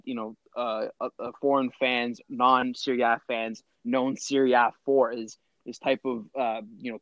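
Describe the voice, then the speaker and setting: Male podcast co-host, mid-pitched, argues his point with halting phrasing, slightly muffled mic. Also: a bit bright, no room sound. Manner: halting, many fillers and restarts, opinionated. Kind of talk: casual chat.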